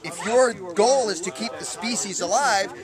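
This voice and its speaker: Man debating hard outdoors; high, pushy voice over crowd chatter. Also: normal speed. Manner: insistent, challenging.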